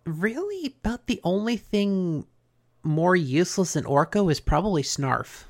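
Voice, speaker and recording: A man's voice: sits high, big pitch swings, a little slow, vocal fry. A man co-hosting a podcast, recapping an old cartoon in a sarcastic, casual way. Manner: sarcastic, acts out characters while recapping. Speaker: podcast co-host.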